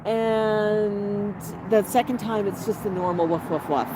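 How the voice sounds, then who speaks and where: A woman's voice: mid-range voice, a little slow, noisy background. A woman hosting a casual outdoor livestream, chatting to viewers and reading out their comments. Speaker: livestream host.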